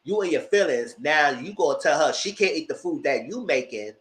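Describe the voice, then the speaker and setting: A man giving a chatty, animated recap of a TV show, talking straight to his viewers. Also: on the high side, brisk. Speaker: vlogger recapping a reality show. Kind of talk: casual commentary. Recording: roomy echo.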